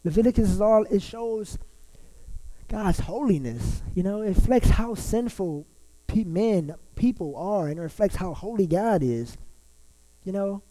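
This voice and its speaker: Slow-paced and captured on poor audio, a man preaches a casual sermon to his church. He has a soft, mellow voice that sits high for a male, and he restarts often and fills gaps with filler words.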